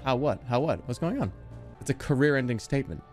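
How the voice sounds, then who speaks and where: A man chatting casually on a livestream, rambling and incredulous, quick to get worked up. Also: mid-range voice, lively intonation, a little mellow, faint music behind. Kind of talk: casual stream chat.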